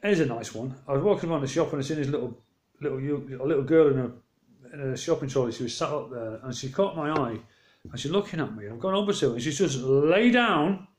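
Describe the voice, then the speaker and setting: A man's voice: a little high, quick pace, echoey room. Man rambling through a vlog. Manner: rambling, animated retelling with quoted exchanges. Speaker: vlogger. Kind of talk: casual storytelling vlog. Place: walking around outdoors.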